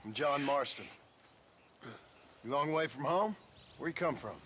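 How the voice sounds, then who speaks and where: A man's voice: fairly high pitch, expressive, unhurried, fairly bright tone. An actor playing a blunt, laconic frontier gunman in a western video game. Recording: game audio with ambient noise.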